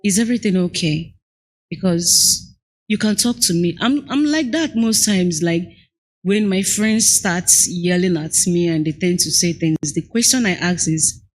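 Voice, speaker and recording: A young adult woman with a Nigerian accent, a guest entrepreneur, speaks in a husky, slightly breathy, lowish voice at a measured pace. In this relaxed conversational interview she's candid and earnest, acting out her clients' lines.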